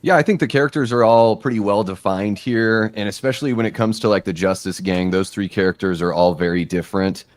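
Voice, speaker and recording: A man with a very deep voice weighs in on a movie panel in a measured, thoughtful way. The recording is dry, with no room sound. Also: no room sound. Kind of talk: casual movie discussion.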